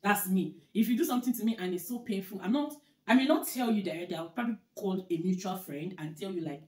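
Brief: woman host, quick animated chat, lowish voice, roomy echo. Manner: animated storytelling, laughing often. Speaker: vlogger host. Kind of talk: casual chat. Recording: echoey room.

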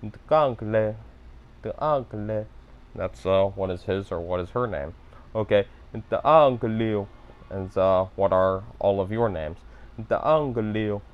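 A man works through practice phrases on his own, repeating them and musing aloud about where he went wrong. He is self-deprecating, and his voice sits low. The recording sounds dull and lo-fi. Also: takes it slowly, clear, resonant tone. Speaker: language learner and video host. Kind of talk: self-narrated practice session.

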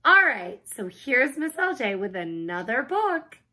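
Bright, high, enthusiastic woman host. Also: sing-song, a little slow. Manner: enthusiastic, encouraging. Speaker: circle time host, childcare teacher. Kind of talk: addressing young children.

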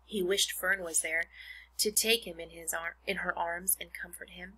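A woman's voice: lowish voice, steady tone, moderate pace, sharp tone, husky, poor audio. A woman teacher reading a children's book aloud, stopping now and then to explain words to her young listeners. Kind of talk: read-aloud storytime.

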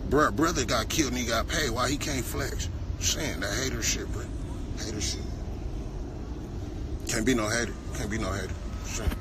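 A man's voice: medium pitch, moderate pace, pauses often. Los man vlogging on a noisy street. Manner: loose, slangy, repetitive banter. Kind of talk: casual street vlog. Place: outdoors on a city street. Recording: street noise with passing traffic.

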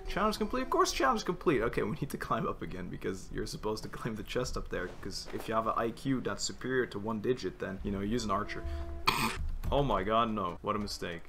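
A man's voice: on the low side, animated, brisk, vocal fry, over music. A man streaming video games, cracking jokes and laughing often as he comments on his play. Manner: jokey, laughs often, banters with himself. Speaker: gaming streamer. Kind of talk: playful gameplay commentary.

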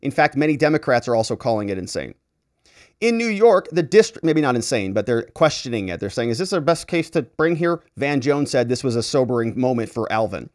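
Lawyer guy ranting over a letter, mocking voices, lively pitch, dead dry sound. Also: fast talker, few pauses, dry recording. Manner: sarcastic, animated, mocks quoted officials in exaggerated voices. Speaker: lawyer and political commentary host. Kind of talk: solo commentary reading a letter aloud.

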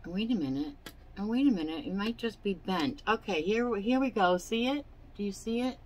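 Speaking at a normal pace in a mid-range, slightly mellow voice, a woman rambles through a casual product show-and-tell for her home crafting vlog, filling gaps and hiccuping as she goes. The low-quality recording carries slight background noise.

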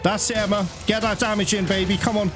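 A man's voice: high voice, fast. A man giving frantic, swear-filled live gameplay commentary as a gaming channel host. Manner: excitable, swearing, nervous and frantic. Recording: loud game music behind. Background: loud game music.

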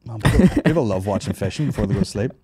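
Sweary comedy podcast host. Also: male voice, on the low side, expressive, rapid-fire, background noise. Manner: sweary, rambling, joking. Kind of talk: crude comedy banter.

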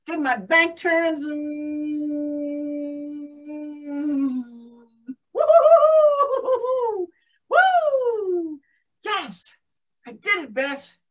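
A woman's voice: high-pitched, expressive, slow pace, sharp tone, far from the mic, full character voice, low-quality recording. A woman playing a proud, emotional young woman aviator in a first-person living-history monologue. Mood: jubilant. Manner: exclaiming, breathless with joy. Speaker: historical portrayal performer.

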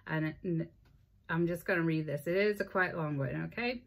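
A woman's voice: lowish voice, a little fast, gravelly. A woman, chatting enthusiastically to camera about books, with plenty of ums and restarts. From American South. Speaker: book vlogger. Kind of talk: casual chat to camera.

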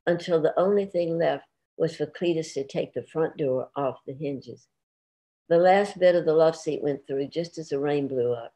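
A woman, a writer, reading her own short story aloud in an unhurried way. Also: sits low, mellow. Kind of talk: literary reading.

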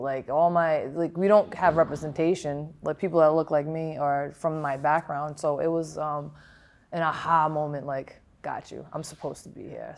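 A woman's voice: low voice, a little mellow. A woman boxer from Rhode Island, answering interview questions frankly and reflectively, with many fillers and restarts. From Providence, Rhode Island, USA. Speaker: professional boxer.

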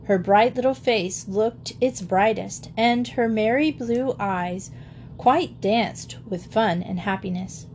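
A woman narrating an old-fashioned children's story in a gentle, even storytelling manner. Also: mid-range voice, takes it slowly, a little hiss or hum. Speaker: audiobook narrator.

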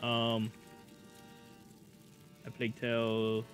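A man streaming a video game live, excitable, swearing a lot and joking with chat. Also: medium pitch, very slow, soft background music. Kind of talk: live gameplay commentary.

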